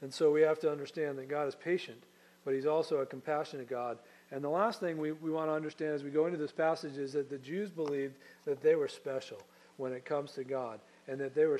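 Male pastor, somewhat high voice, chatty storytelling sermon. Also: a little mellow, poor audio. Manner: conversational storytelling, frequent restarts and asides.

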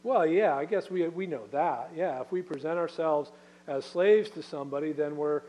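A man's voice: on the high side, moderate pace, mellow, poor audio. A man preaching a Bible-study sermon in a conversational way, with fillers and rhetorical questions. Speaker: pastor.

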